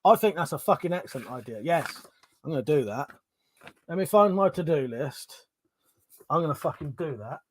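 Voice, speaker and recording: A British-accented man hosts a casual live stream, chatting sarcastically, swearing freely and reading out viewer comments. His slightly high voice is animated, at a moderate pace with frequent pauses.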